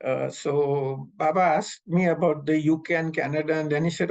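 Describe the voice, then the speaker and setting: Gravelly older man telling stories. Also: on the high side, moderate pace, few pauses, poor audio. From Pakistan. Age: 70s. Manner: animated storyteller, acts out quoted dialogue. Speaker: interviewee recounting memories. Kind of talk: storytelling reminiscence. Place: North America.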